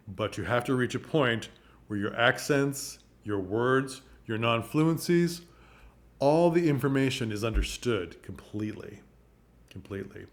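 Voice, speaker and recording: A man talks to camera about acting for the stage in a casual, emphatic teaching voice. He keeps pausing to check that the listener follows. His voice sits at an ordinary middle pitch for a man.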